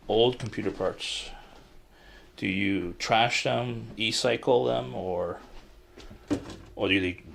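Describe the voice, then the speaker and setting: A man's voice: medium pitch, vocal fry, fairly bright tone, slight background noise. A man hosting a casual live stream at home, rambling with many fillers and restarts.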